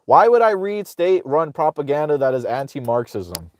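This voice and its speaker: A man's voice: on the high side, big pitch swings, moderate pace. A man hosting casual political commentary, ranting sarcastically with profanity, rambling and restarting his sentences.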